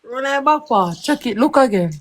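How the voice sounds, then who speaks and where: Very high, lively Jamaican woman. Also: normal speed. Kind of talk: joking patois banter.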